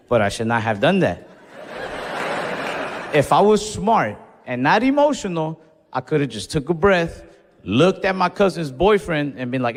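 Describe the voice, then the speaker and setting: A young man on a comedy club stage with a slightly high voice works through a story, animated, profane and quick to mock himself. His handheld mic carries a long reverb tail from the room. Faint noise hums underneath. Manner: animated, profane, self-mocking. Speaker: stand-up comedian. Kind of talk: stand-up storytelling.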